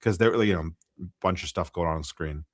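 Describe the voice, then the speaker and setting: Deep-voiced man, dry close mic, easygoing hesitant co-host. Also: dry recording. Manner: easygoing, with hesitant fillers and drawn-out phrases. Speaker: podcast co-host. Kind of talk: casual chat.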